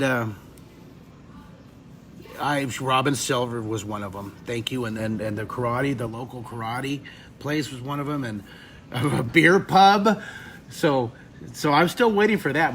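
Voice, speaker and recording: A man's voice: medium pitch, a bit bright, slight background noise. Rambling, emotional man teaching drawing. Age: 50s. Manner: rambling, emotional storytelling between drawing steps. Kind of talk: live webcast drawing lesson with chat.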